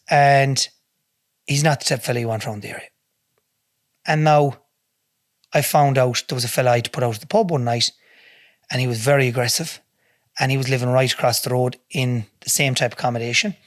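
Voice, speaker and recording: An Irish man appears as a podcast guest in a studio, telling a story casually in a blunt manner with heavy swearing. His voice is mid-range and the recording dry.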